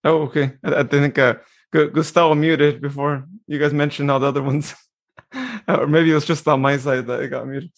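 A man hosting a casual podcast, talking in a relaxed, hesitant way with many fillers. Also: fairly high pitch, a little fast. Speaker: podcast host.

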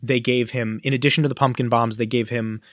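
Male podcast co-host, mid pitch, dry close mic, lively nerdy rambling. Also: no room sound. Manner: animated, nerdy explaining with quick asides. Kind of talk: casual chat.

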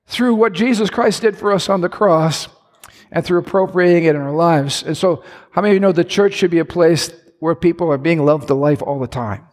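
A man's voice: high voice, lively intonation, moderate pace, a little mellow. A male pastor preaching a sermon in a church, conversational with asides and restarts. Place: church sanctuary. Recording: long hall reverb.

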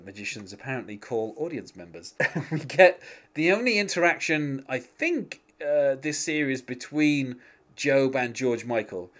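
A man's voice: medium pitch, a bit bright. A man chatting casually on a podcast, laughing often and talking with lots of fillers and restarts. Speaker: podcast host. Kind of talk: casual chat recapping a TV episode.

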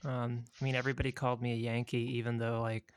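A man from Utah co-hosting a podcast in casual chat, relaxed and reflective, halting with fillers. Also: mid-range voice, clear, resonant tone, dry recording. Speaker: podcast co-host.

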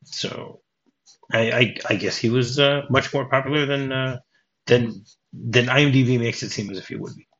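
A man chats on a film podcast at an everyday middle pitch, starting over and repeating words as he thinks aloud. The audio is dull and slightly lo-fi. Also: steady tone, fairly bright tone. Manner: halting, repeats words often. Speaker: podcast host. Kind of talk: casual film discussion.

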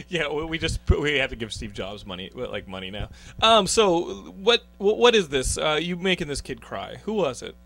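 Man, podcast host, teasing, laughing, lively animated pitch, slightly high. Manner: teasing, laughing, quick interjections. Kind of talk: casual podcast chat.

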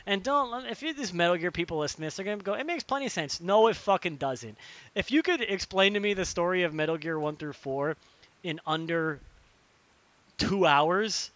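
Bright animated young man ranting. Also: sits high, dull audio. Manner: animated, ranting, acts out characters in quick impressions, swears freely. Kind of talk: casual chat.

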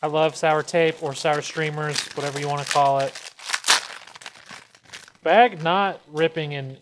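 A man's voice: a little high, fairly even intonation, a little slow, background noise. A man co-hosting a casual snack review chat, talking in detail and often amused. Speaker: co-host.

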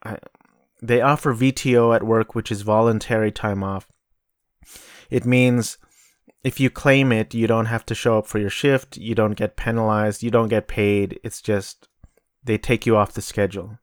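A man's voice: lowish voice, steady tone, moderate pace, dry recording, studio quality. A man hosting his own podcast, talking alone in a casual, rambling way, profane and sardonic. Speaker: podcast host. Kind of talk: casual solo monologue.

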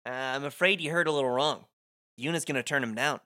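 A man's voice: mid-range voice, fast, pushed and bright, no room sound, studio quality, natural voice. A man reading the lines of an easygoing young male hero in an offhand, matter-of-fact way.

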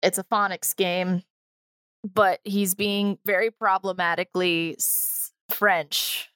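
A woman co-host chatting casually and wryly about old TV segments. Her voice is mid-pitched and the recording is dry and close. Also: level tone, slow, a bit bright, dry recording. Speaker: podcast co-host. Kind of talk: casual chat, explaining clips.

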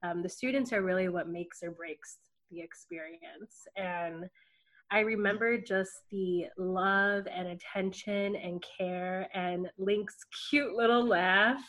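A woman working in student affairs, giving an earnest, heartfelt tribute as a podcast guest, soft-spoken with many fillers. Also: mid-range voice, steady tone, takes it slowly.

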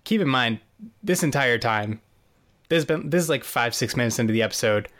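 A man talks through a TV episode in a loose, chatty podcast recap. His humor is dry and sarcastic, and he leans on fillers as he goes. His voice sits at an ordinary middle pitch. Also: animated, a little fast, fairly bright tone. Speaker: podcast co-host.

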